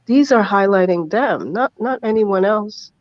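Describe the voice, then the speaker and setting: A man's voice: sits high, expressive, measured pace, no room sound. Man, earnest podcast guest, heartfelt, dry close sound, muffled lo-fi audio. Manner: earnest, heartfelt, repeats himself for emphasis. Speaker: interview guest. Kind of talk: emotional podcast interview. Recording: dull lo-fi remote audio.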